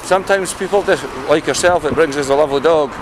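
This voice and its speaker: A man's voice: a little high, fast talker, crowd noise. A Scottish man working as a dog trainer, chatting casually outdoors while training a dog on a town street. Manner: relaxed, chatty, coaxing commands to the dog. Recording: street noise behind the voice.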